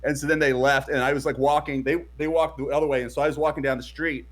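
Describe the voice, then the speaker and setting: A man's voice: fairly high pitch, flat delivery, quick pace. A man co-hosting a casual streamed chat show, telling a long rambling story with lots of fillers. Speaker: podcast co-host. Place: home streaming setup.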